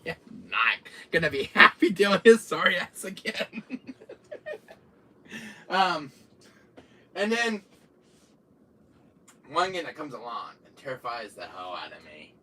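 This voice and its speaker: A man hosting a gaming channel, chatting casually about horror games, who swears freely and acts out scenes in little voices and hushed whispers. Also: on the high side, wildly swooping pitch, unhurried, pauses often, husky, far from the mic.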